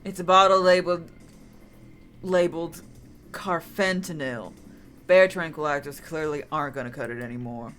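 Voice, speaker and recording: A woman's voice: low voice, fairly bright tone, slight background noise. Woman reading a weary, curt lady doctor. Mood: brisk. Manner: brisk and tired, giving orders.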